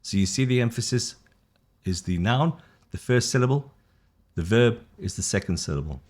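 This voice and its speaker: A man's voice: mid-range voice, expressive, moderate pace, darkish tone. A middle-aged British man teaching an English lesson in a casual one-to-one style, enthusiastic and rambling, often tongue-tied and laughing at his own slips. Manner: rambling, gets tongue-tied, self-deprecating.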